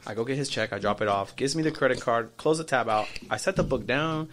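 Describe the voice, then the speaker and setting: A man in his thirties, a podcast guest telling a story over drinks in an animated way, acting out the people in it and often repeating and restarting his words. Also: fairly low pitch, fast talker, few pauses, a little hiss or hum.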